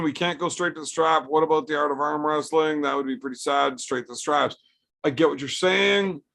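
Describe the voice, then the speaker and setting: A man's voice: fairly high pitch, a bit bright. A man, an arm wrestler, hosting a livestream in a loose chat style, answering viewers' super chats with blunt, profane opinions.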